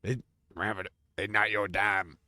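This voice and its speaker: A man voicing a male spork monster in a slow, grave, low voice with a put-on accent. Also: fairly even intonation, fairly bright tone, dry recording, studio quality, full character voice.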